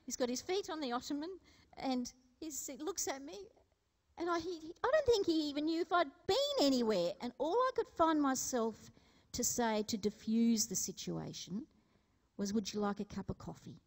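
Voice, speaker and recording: A woman preacher with a high voice and big pitch swings speaks at normal speed in a large church hall. She keeps her sermon conversational, telling stories and questioning the congregation.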